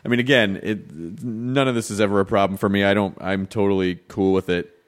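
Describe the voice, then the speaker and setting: A man chatting casually on a podcast, rambling and restarting, now and then acting out quotes in a high voice. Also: steady tone, brisk.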